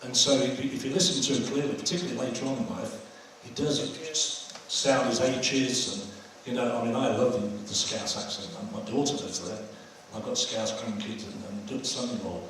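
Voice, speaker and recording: A man's voice: mid-range voice, brisk, few pauses, fairly bright tone, slight background noise. An older man hosting an audience Q&A after a film screening, telling chatty anecdotes. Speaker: host taking audience questions. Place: screening hall. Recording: echoey hall from far off.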